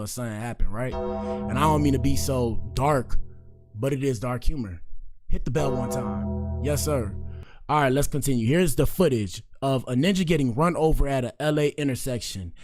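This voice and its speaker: A man's voice: mid-range voice, a little mellow. Slangy man hosting commentary. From Miami, Florida. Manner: loose, slangy, joking, drawn-out asides. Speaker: podcast host. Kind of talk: casual commentary show.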